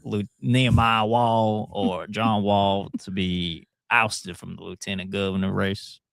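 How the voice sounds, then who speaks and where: A man, co-hosting a political talk show and telling a rumor story in an animated way. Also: lowish voice, a little slow, gravelly, clean tone, no room sound, clean studio sound. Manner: animated storytelling, laughs often. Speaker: co-host.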